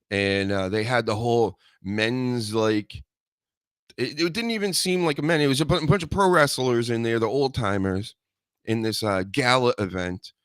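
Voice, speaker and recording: A man hosting a solo podcast, rambling and joking with mock threats and loud mocking outbursts. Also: medium pitch, clear, resonant tone, dry recording, clean studio sound. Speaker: podcast host. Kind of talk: casual solo wrestling podcast chat.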